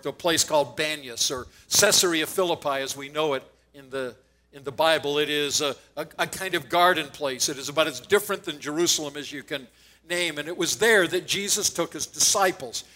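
High, bright-voiced male preacher. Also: brisk, poor audio. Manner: earnest teaching, quoting scripture, occasional stammered restarts. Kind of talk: sermon.

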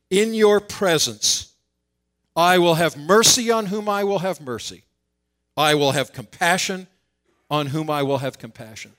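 A man with a high, light voice delivers an earnest expository sermon. He walks through scripture and lifts his voice when he acts out quoted pleas. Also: fairly bright tone. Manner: earnest expository preaching, acting out quoted lines with rising voice. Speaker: preacher.

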